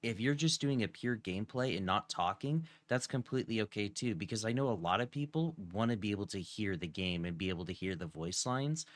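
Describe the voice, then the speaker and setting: A man hosting a casual stream chat, talking in a relaxed way with plenty of fillers. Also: lowish voice, brisk, few pauses, dry recording. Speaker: streamer host interviewing a guest.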